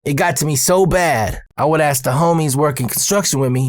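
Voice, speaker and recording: A man's voice: on the high side, brisk, dry recording, studio quality. A man telling a personal story in a casual, profane, streetwise way.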